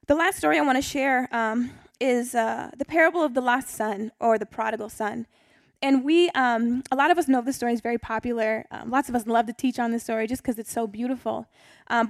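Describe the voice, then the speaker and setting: High-voiced woman sharing testimony. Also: no echo, clean studio sound. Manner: chatty, storytelling, frequent ums. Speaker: Bible study teacher. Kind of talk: personal testimony and scripture reading.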